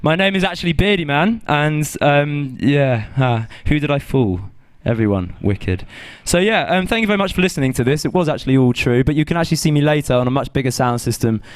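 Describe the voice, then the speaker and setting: A man's voice: fairly high pitch, animated, a little fast, hardly any pauses, no echo, studio quality. An English man, a comedian and beatboxer, dropping his act and teasing the audience playfully. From England. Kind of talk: comic stage performance.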